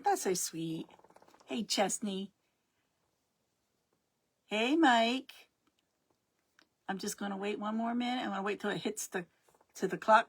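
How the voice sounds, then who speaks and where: A woman's voice: medium pitch, husky. A middle-aged woman hosting her crafting livestream, chatting casually and greeting viewers by name as they join. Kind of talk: casual live-stream chat.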